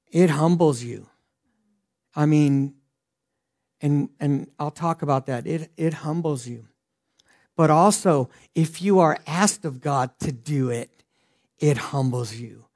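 A middle-aged male pastor preaching a sermon earnestly, swinging from loud emphasis to hushed lines. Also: fairly high pitch.

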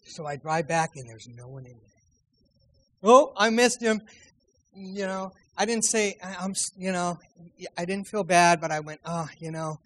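A high-pitched male pastor tells a personal story from the pulpit. He acts out each quote and then drops into soft, quiet asides. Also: normal speed, poor audio. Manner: animated anecdotal storytelling with acted quotes. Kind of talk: sermon storytelling.

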